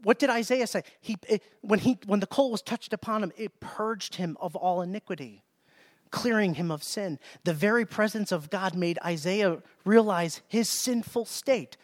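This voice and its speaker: A man with a high voice delivers a sermon. He is emphatic, repeats key phrases and reads scripture passages aloud. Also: normal speed. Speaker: preacher.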